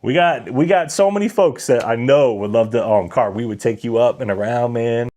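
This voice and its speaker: A man's voice: medium pitch, moderate pace, dark tone. A man hosting a casual whiskey livestream, chatting with viewers and reading their comments aloud. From Colorado.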